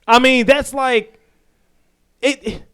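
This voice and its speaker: A man from the American South co-hosting a casual sports podcast, animated and quick to act out quotes and laugh. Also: very high voice, clear, resonant tone. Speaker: podcast co-host.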